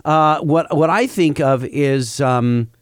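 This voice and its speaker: Easygoing male co-host, slightly higher voice, dry close recording. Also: slow, clear, resonant tone, no echo. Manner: relaxed, conversational, explains technical points. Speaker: podcast co-host. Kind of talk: casual chat reading listener mail.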